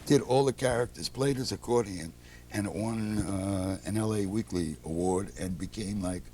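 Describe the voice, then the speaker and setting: A man with a lowish voice, guest on a talk program, telling relaxed stories in an animated way. He slips into the voices of the people he quotes. There is a faint hiss behind him. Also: normal speed. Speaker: interview guest, theater producer. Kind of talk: relaxed anecdotal storytelling.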